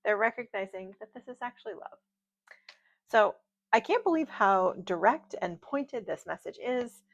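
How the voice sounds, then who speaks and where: A woman reader talks through a tarot spread in a loose, rambling way, her voice carrying a gravelly, frayed edge. The sound is a little dull and lo-fi, as from a simple home setup. She drifts into friendly asides as she goes. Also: medium pitch, very animated, moderate pace. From United States. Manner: chatty, rambling, warm-hearted asides with light laughs. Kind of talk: casual tarot reading monologue. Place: home at night, outdoor noise faint. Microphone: video call style home recording. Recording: slightly dull, lo-fi home recording.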